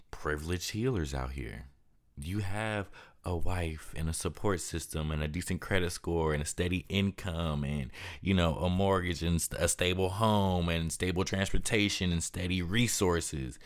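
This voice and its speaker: A young man with a very deep, low voice talks straight into his podcast mic, worn out and depressed. His words come blunt and frustrated, heavy with swearing and fatigue. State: exhausted and depressed. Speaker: podcast host. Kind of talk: candid monologue.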